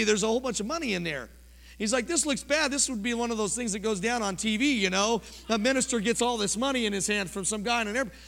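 A pastor preaching a sermon in a church, his delivery impassioned and swinging from loud to quiet. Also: high voice, creaky. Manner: impassioned preaching, rising and falling sharply. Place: church sanctuary. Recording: long church reverb.

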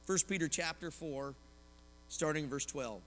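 Male pastor, high and bright, lively sermon with stories, in a reverberant hall. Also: measured pace, slight background noise. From Oklahoma, US. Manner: lively preaching with personal stories and questions to the congregation.

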